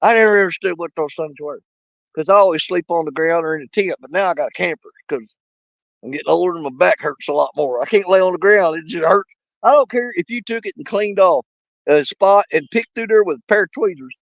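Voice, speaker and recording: A middle-aged man hosting a fishing channel, chatting casually while sick with a cough and fever, folksy and quick to laugh. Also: sits high, vocal fry, no echo. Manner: folksy, laughs often, drawn-out shoutouts. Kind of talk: casual live chat shoutouts. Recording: dull, dry, lo-fi sound.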